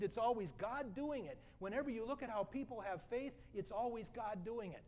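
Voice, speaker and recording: High-voiced preaching man, loud then hushed. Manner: dynamic preaching, swinging between loud emphasis and soft hushed passages. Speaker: pastor. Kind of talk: sermon.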